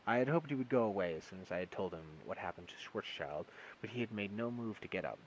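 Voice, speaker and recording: A man's voice: fairly low pitch, lively intonation, fast, husky, dull audio. A man reading a short story aloud in one take on a phone, sometimes stumbling and restarting words. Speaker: amateur audiobook reader.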